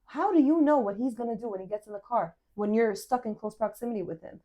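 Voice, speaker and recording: Young woman, podcast host, casual storytelling, animated, swearing, slightly high voice. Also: quick pace. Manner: animated, swearing, acting out dialogue.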